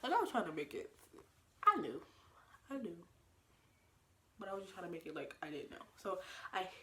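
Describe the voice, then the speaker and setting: Young woman, casual storytime vlogger, animated, lowish voice, faint noise. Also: normal speed. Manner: animated, lots of fillers, acts out quotes in shifting pitch.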